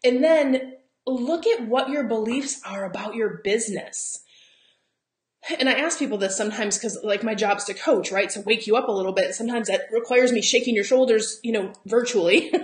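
A woman with a Southern American accent gives a chatty, encouraging coaching talk, slipping into little acted-out quotes. Her voice sits a touch high, and the room around her is noticeably roomy and echoey. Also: normal speed. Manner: chatty and encouraging, often laughing and acting out quotes. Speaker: travel business coach. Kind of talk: live-streamed coaching talk. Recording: roomy echo.

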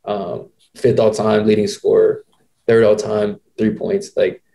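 A man in his twenties hosting a podcast, telling a story in an animated, slangy way. He often acts out other people's lines. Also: fairly low pitch, unhurried, vocal fry. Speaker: podcast host. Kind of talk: casual storytelling.

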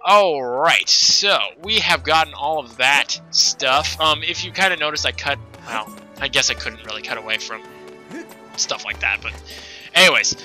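A man's voice: a little high, lively intonation, moderate pace, bright, forceful tone, faint music behind, rough recording. A man giving casual let's play commentary, rambling and correcting himself as he chats. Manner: rambling, self-correcting, chatty.

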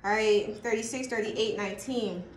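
A woman reading tarot in a casual, excitable way, laughing often and breaking into bits of song. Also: mid-range voice, normal speed, echoey room, noisy background. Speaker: tarot reader.

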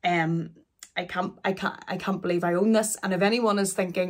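A woman in her forties chats to camera through an unboxing. Her voice sits a little low for a woman, and she speaks in halting bursts, restarting her sentences as emotion gets the better of her. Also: fairly even intonation. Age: 40s. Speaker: luxury vlogger. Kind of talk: chatty unboxing vlog.

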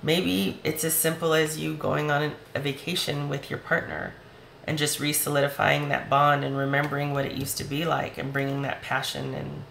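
Hoarse, gravelly woman reading tarot. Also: low-pitched, level tone, normal speed, hardly any pauses, a bit bright, reverberant, a little hiss or hum, low-quality recording. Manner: chatty, reassuring, talks straight to the viewer. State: voice going hoarse. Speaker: tarot reader.

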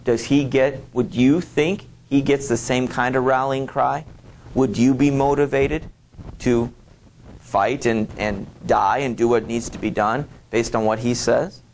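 A man's voice: medium pitch, fairly even intonation, measured pace, a little mellow, slight background noise. Hesitant male teacher lecturing. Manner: hesitant, full of fillers and restarts, addresses students directly. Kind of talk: classroom lecture.

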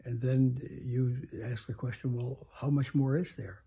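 Breathy soft-spoken man in his nineties. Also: mid-range voice, flat delivery. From United States. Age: 90s. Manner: slow, halting, many pauses and restarts. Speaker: interview guest. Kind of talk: reflective storytelling. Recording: home interview.

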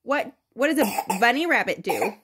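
A woman's voice: fairly high pitch, very animated, normal speed, a bit bright, slight background noise. A woman in a home video, patiently quizzing a toddler with encouraging, sing-song questions. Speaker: parent.

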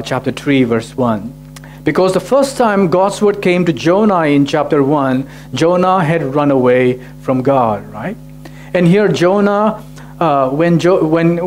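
A man delivers a sermon as pastor, his voice sitting a little higher than most men's. He repeats each heading for emphasis and keeps checking in with a quick "right?". A guitar plays faintly behind him. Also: a little mellow. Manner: restates key points, frequent "right?" checks. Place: church in Tokyo.

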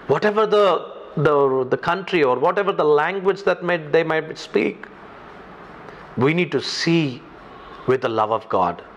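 A man's voice: a little high, animated, measured pace, a bit bright, muffled recording, slight background noise. A pastor from India preaching a sermon in English with an Indian accent, emphatic and repeating his key phrases.

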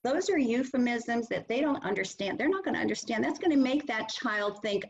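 A woman's voice: on the high side, expressive, brisk, hardly any pauses. A woman presenting a workshop and teaching caregivers, earnestly acting out what to say to a child. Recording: muffled lo-fi webinar audio.

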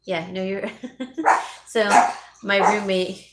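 A woman's voice: mid-range voice, takes it slowly, pauses often, very noisy. Chatty woman vlogging from home, takes her time, echoey room sound. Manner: chatty, laughs often, greets viewers by name. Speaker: YouTube host. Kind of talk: casual live-chat vlog.

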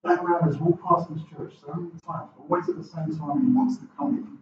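A male pastor preaches with passion in a church hall, firing one rhetorical question after another. His voice sits a little high for a man. He is caught from across a roomy, echoing space on a dull recording. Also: steady tone, brisk, background noise. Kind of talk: sermon. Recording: echoey, distant, dull room recording.

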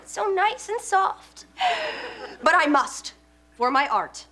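A woman's voice: very high-pitched, big pitch swings, takes it slowly, heavily acted. An actress playing a melodramatic, self-absorbed teenage girl artist, on a noisy sitcom soundtrack. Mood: self-pitying. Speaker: aspiring teen artist.

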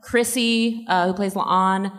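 A woman's voice: medium pitch, steady tone, takes it slowly, a bit bright. A woman answering fan questions at a convention panel, chatty and laughing often, with many fillers. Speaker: panel guest and actor. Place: large convention hall. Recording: long reverb of a convention hall.

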